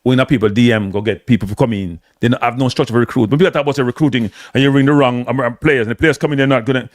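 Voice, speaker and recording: Rapid-fire and emphatic, this mid-range male voice with a Jamaican accent gives solo football commentary full of opinion, repeating phrases to hammer points home and shifting into patois. It's studio quality, with no room sound.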